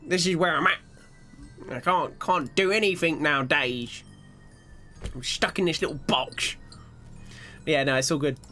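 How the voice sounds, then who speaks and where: A young man chatting with his live-stream viewers as he plays, rambling and joking at himself. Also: fairly high pitch. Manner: rambling, self-mocking, animated. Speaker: gaming streamer. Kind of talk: live-stream chat while gaming.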